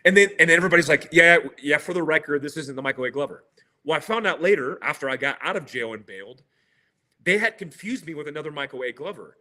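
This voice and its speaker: Guest, male, middle-aged: lively storyteller, bright and slightly high voice, acts out dialogue. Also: fast. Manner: retells with quoted dialogue and laughs. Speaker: interview guest. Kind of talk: animated storytelling.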